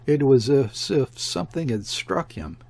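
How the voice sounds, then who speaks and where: A man's voice: medium pitch, expressive, measured pace, darkish tone. A man voicing a nervous male sailor at the helm, speaking in a rattled, jittery way.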